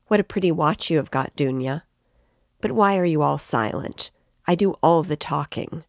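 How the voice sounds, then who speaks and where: A woman's voice: low-pitched, normal speed, creaky, dry recording, clean studio sound. A woman reading the lines of a brooding, feverish young man who speaks in abrupt, agitated bursts.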